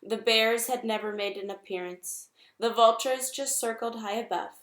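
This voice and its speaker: A woman reading a children's novel aloud with gentle, expressive storytelling. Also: on the high side, normal speed, echoey room. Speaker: reader.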